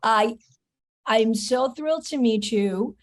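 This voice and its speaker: A woman hosts her comedy podcast, talking in a loose, chatty way. She reads her own ads and drops quick self-mocking jokes between them. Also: a little high. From New York, USA. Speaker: podcast host. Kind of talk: casual podcast chat and host-read ads.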